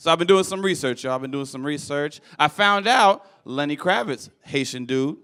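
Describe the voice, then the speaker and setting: Young male stand-up comic, bright and clear voice, animated, stage mic. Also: normal speed, hardly any pauses. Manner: animated, acts out characters with shouted high voices. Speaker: stand-up comedian. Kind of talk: stand-up comedy set. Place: comedy club stage. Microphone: handheld stage mic.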